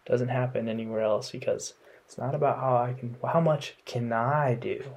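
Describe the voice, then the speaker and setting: A young man hosting a casual faith podcast, talking in a relaxed, rambling way with many ums and restarts. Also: mid-range voice, moderate pace, creaky. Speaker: podcast host. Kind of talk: casual devotional podcast talk.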